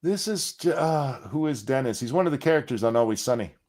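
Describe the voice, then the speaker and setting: A man's voice: medium pitch, lively intonation, fast, a little mellow. A man co-hosting a podcast in casual chat, sardonic and profane, with frequent sighs. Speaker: podcast co-host.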